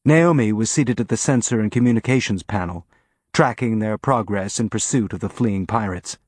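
A man narrating an audiobook in a steady, even reading voice on a close mic. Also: lowish voice, moderate pace, breathy edge, dry recording. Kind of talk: scripted narration.

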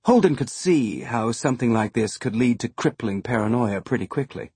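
A man narrating an audiobook in a measured storytelling manner. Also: medium pitch, expressive, warm tone, breathy edge, no room sound. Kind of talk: scripted narration. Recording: dry studio sound.

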